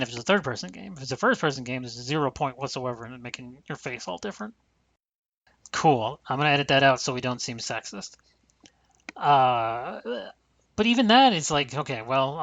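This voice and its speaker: Bright-voiced, blunt podcast host man. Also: mid-range voice, no echo. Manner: blunt, profane, rambling. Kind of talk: casual podcast chat.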